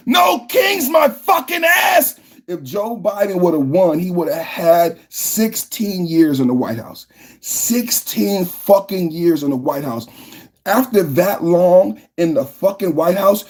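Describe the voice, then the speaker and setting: A podcast host ranting heatedly about politics, cursing often and building up to shouting. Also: male voice, on the high side, animated, a little slow. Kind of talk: political rant.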